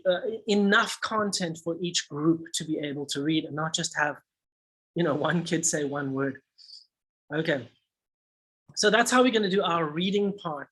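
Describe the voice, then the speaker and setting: A man who trains English teachers, walking through a lesson plan in a lively way with frequent "okay" and "all right". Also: high-pitched, poor audio. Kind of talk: teaching tutorial.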